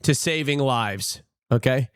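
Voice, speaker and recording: A man streaming and reacting to clips, chatty and thinking out loud. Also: mid-range voice, slow, clear, resonant tone, no room sound, clean studio sound. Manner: chatty, animated, wondering aloud. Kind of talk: casual live-stream commentary.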